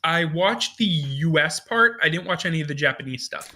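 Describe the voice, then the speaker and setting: A man's voice: fairly high pitch, expressive, normal speed, sharp tone. A man co-hosting a casual wrestling podcast, telling stories animatedly with lots of "like" and laughter. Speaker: podcast co-host. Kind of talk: casual wrestling chat and storytelling.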